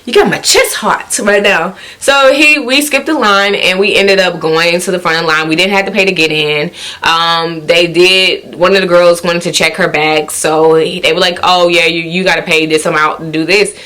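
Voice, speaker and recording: Animated storytelling woman with Southern country accent. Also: moderate pace, hardly any pauses. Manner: animated storytelling, acting out quotes with high exclamations. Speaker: vlogger. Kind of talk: storytime vlog.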